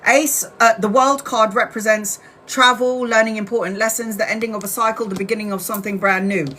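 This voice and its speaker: A woman's voice: fairly high pitch, fairly even intonation, brisk, bright, forceful tone. A woman doing a casual live-stream tarot reading, blunt and chatty, with the odd swear word. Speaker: tarot reader.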